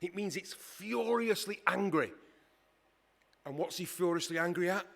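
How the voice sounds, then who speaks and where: A man preaching a sermon in a conversational, emphatic way, with dramatic pauses. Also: high-pitched, gravelly, fairly bright tone.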